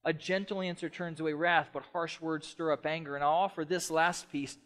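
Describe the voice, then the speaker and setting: A middle-aged man preaching a sermon as pastor, passionate, shifting between loud emphatic stretches and soft quiet ones. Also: on the high side, steady tone, fairly quick.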